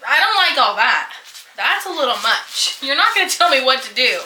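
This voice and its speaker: Bright, laughing young woman ranting. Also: on the high side, moderate pace, roomy sound, slight background noise, poor audio. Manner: animated, mocking, laughs often. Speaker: book vlogger. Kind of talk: casual chat, reading excerpts aloud.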